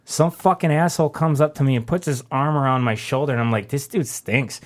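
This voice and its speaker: A young man telling a story in casual chat, swearing constantly and ranting in an animated way. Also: medium pitch, a little fast.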